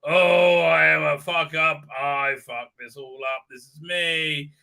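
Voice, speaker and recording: A man's voice: a little high, steady tone, takes it slowly, gravelly, bright, forceful tone, heavily acted. A man mocking a melodramatic elf queen. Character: self-pitying, pompous elf queen, woman.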